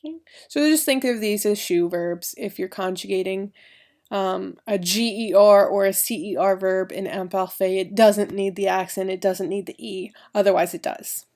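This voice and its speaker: A woman with a slightly gravelly, fry-tinged voice talks through a recorded grammar lesson. She goes step by step, spelling out letters and checking in with her students. Her pitch sits in the middle range. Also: normal speed, darkish tone. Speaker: French teacher.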